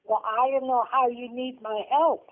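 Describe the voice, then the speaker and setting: A woman's voice: on the high side, steady tone, moderate pace. An older woman, a grandmother, giving short, plain answers in a casual chat. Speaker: interviewee, host's grandmother. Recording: tinny phone line.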